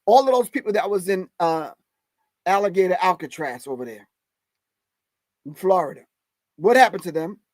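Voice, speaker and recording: A man's voice: high voice, expressive, normal speed, long pauses, no room sound. A middle-aged man hosting a live stream, giving emphatic, preachy commentary and calling his audience family. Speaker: host.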